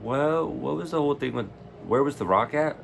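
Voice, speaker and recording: A man's voice: medium pitch, lively intonation, normal speed, vocal fry, a little hiss or hum. A man casually ranting in a reaction vlog, rambling and opinionated. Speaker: wrestling fan vlogger.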